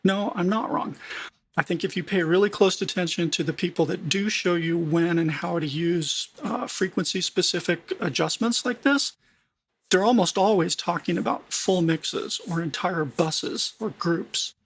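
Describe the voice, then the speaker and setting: A man's voice: high voice, moderate pace, breathy edge. A man giving a screen-share music production tutorial, conversational and emphatic, with frequent fillers and restarts.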